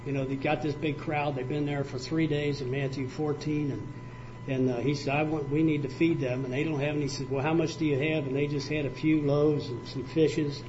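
A man's voice: a little high, flat delivery, a little fast. An older man preaching a folksy sermon, telling stories in a plainspoken, conversational way with spoken fillers. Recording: muffled lo-fi recording with faint hiss.

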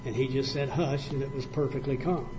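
A man's voice: mid-range voice, little pitch movement, quick pace. An older man preaching a folksy sermon, telling stories in a plainspoken, conversational way with spoken fillers. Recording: muffled lo-fi recording with faint hiss.

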